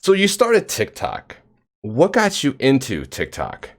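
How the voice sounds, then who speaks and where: Male stream host, very animated intonation, foul-mouthed, easily cracks up. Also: medium pitch, a little slow. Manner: excitable, swears freely, reads viewer donations aloud. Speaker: host of a live-streamed interview show. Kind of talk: casual chat.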